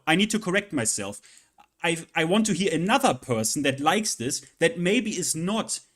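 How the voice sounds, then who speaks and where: A man's voice: fairly high pitch, fairly bright tone. A man streaming live, ranting casually and profanely in an exasperated, rambling way, often restarting his sentences.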